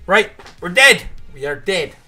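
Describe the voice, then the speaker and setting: A man's voice: sits high, very animated, a little slow, music in the background. A man hosting a crypto show, talking in a frustrated, rambling rant full of swearing. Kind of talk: casual livestream rant.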